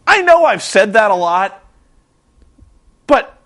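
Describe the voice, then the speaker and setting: Sarcastic, exasperated male vlogger, high lively voice, rambling. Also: slow pace. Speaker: vlogger reviewing a wrestling show. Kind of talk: rambling commentary vlog.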